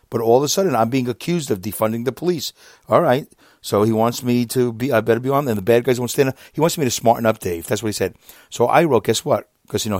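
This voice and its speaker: A man in his fifties, a podcaster, telling a long casual story about an online argument, exasperated and animated, his voice often jumping up high. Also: quick pace, no echo, studio quality. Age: 50s. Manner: animated, exasperated, with sudden jumps up in pitch; reads out messages.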